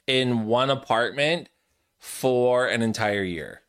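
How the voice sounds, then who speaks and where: A male podcast host keeps a casual chat going, teasing his co-host and laughing. His voice is mid-pitched and bright. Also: slow. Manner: laughing, teasing, sets up games.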